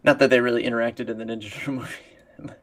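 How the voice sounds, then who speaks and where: A man's voice: medium pitch, fairly even intonation, fast talker, a bit bright. A man co-hosting a casual podcast chat with his brothers, laughing often and acting out quoted lines. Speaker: podcast co-host.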